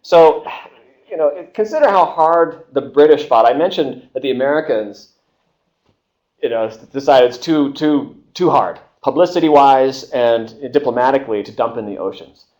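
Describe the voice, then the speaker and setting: A man's voice: medium pitch, normal speed. A man giving a university history seminar, speaking with lots of "uh" fillers and restarts and briefly acting out the people he quotes. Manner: animated, acts out quoted voices, many filler uhs and restarts. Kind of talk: university lecture.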